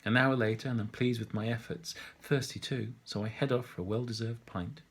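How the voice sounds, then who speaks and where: A middle-aged man reads his own story aloud, and his husky, slightly breathy voice sits at an ordinary pitch. His narration is dry and wry, delivered in an unhurried way. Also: fairly even intonation. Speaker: author reading his book.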